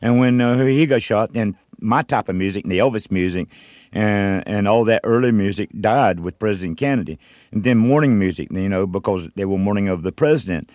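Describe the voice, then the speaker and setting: An older man from North Carolina tells stories in a radio interview, looping back with "you know" and restarting his sentences. His voice sits a little low. The studio sound is close and dry. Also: brisk, a little mellow, dry recording. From North Carolina, USA. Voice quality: short of breath. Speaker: guest musician. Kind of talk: rambling interview storytelling.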